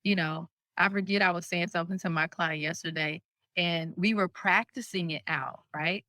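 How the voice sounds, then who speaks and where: A woman co-hosting a podcast talks with a bright, forceful tone, laughing easily and acting out the people she quotes. Her voice is close and dry, with no room around it. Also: lowish voice, moderate pace, no room sound. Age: adult parent of a young child. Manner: animated, laughs often, acts out quoted speech. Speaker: co-host and coach. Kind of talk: casual podcast chat.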